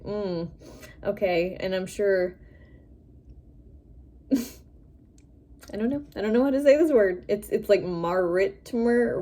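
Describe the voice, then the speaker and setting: A woman's voice: fairly low pitch, a little mellow. A woman doing a tarot reading for her viewers, chatty and musing, often breaking into giggles. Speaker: tarot reader.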